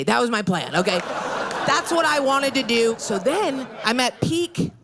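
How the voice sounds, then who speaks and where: A woman's voice: a little high, expressive, moderate pace, crowd noise, background noise. A woman from New York state doing a stand-up comedy set in a brash, crude, self-deprecating way. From New York state, USA. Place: comedy stage.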